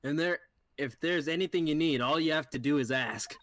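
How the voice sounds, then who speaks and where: A man's voice: fairly high pitch, fairly quick, a bit bright, natural voice. A man voicing a perky female pirate-show performer in an amateur game dub, stumbling over puns. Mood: pleading. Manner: pun-heavy, stumbling over words.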